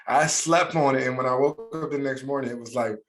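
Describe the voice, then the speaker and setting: A man from the USA co-hosting a podcast, telling funny stories with laughs and loud quoted voices. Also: medium pitch, normal speed, soft background music. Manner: laughing storyteller, loud excited quoting. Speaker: podcast co-host. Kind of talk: casual chat.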